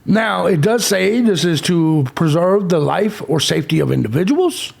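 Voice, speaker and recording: Brief: man, true crime commentator, very gravelly and husky, abrasive rants. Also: high-pitched, lively intonation, moderate pace. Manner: abrasive, insulting, sarcastic. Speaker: true crime channel host. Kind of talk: profane ranting commentary.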